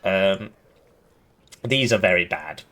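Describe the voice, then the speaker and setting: Gamer guy, lowish voice, deadpan and sarcastic, rambles a lot. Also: slow. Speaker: gaming YouTuber. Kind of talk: casual game commentary.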